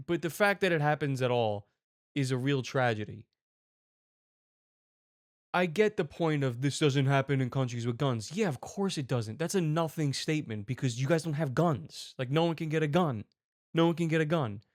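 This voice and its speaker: A man's voice: fairly high pitch, no echo, studio quality. A man hosting a ranting commentary show, talking in an exasperated, profane and sarcastic way. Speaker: host.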